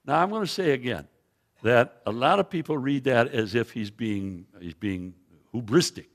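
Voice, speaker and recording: A man's voice: on the low side, animated, moderate pace, vocal fry. A man preaching as a guest Bible teacher, retelling scripture vividly in a church sanctuary, often restarting his phrases and pointing to slides. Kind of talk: sermon with biblical storytelling.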